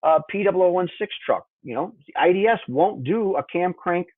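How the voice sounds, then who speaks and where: A man's voice: sits high, lively intonation, a little fast, dry recording. A man teaching diesel engine diagnostics in a conversational webinar, checking in with listeners by asking "okay?" and "would you agree?". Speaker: diesel technician instructor. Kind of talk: technical webinar walkthrough. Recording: dry, tinny phone-like audio.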